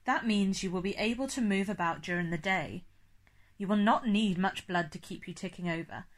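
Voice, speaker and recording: A woman's voice: mid-range voice, normal speed, natural voice. A woman reading an audiobook, voicing a formal, commanding old male vampire who speaks stiffly and precisely, without contractions. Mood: explaining.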